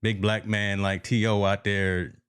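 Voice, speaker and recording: A man hosting a casual sports talk podcast, telling stories in an animated way and talking straight to his listeners. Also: fairly low pitch, measured pace, clear, resonant tone, no room sound, studio quality. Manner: animated storytelling, addresses listeners as folks. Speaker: podcast host.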